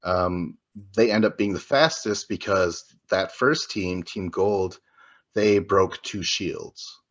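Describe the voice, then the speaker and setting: Low-voiced joking podcast man, muffled sound. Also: takes it slowly, a bit bright. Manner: joking, profane, rambling. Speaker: podcast co-host. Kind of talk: casual podcast recap chat.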